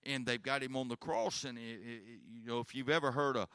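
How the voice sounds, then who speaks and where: A man preaching a sermon as pastor, swinging from hushed retelling to shouted emphasis and often repeating words. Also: mid-range voice, brisk, clear, resonant tone, no echo, studio quality.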